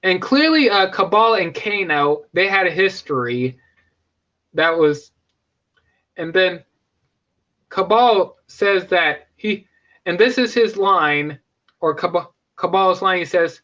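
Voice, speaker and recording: A young man chatting casually through a review, stumbling into restarts and filler words as he goes. His voice is high and bright. The recording is dull and lo-fi. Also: animated, takes it slowly. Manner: rambling, with many restarts and fillers. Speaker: movie reviewer.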